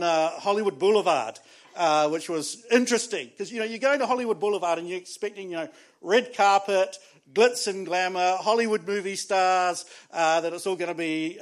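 A New man in his thirties preaching to his church. He tells stories with animation and laughs often, and his voice sits high for a man. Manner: animated storytelling, laughs often, restarts words. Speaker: pastor. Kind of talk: sermon.

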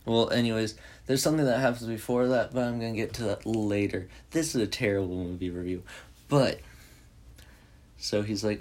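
A man's voice: lowish voice, fairly even intonation, moderate pace, long pauses, a little mellow. A man casually recapping a movie in a rambling way, full of "like" and restarts. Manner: rambling, heavy use of "like". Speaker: movie reviewer.

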